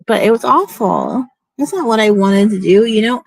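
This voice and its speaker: A woman's voice: a little high, expressive, moderate pace, creaky, no echo, rough recording. A middle-aged woman venting casually in a rambling storytime, blunt and profane, restarting her sentences often. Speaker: vlogger.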